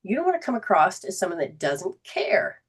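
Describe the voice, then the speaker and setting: A woman's voice: lowish voice, sing-song, fairly quick, slightly rough. A woman host of a healing talk show, sharing a personal story in a casual, earnest way with many restarts. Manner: earnest storytelling, quotes others, frequent restarts. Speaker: host, energy healer.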